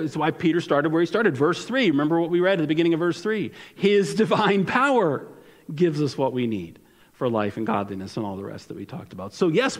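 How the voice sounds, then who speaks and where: A man's voice: fairly high pitch, big-room sound. A man preaching a sermon as pastor, in an earnest, conversational way with frequent restarts. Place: church sanctuary.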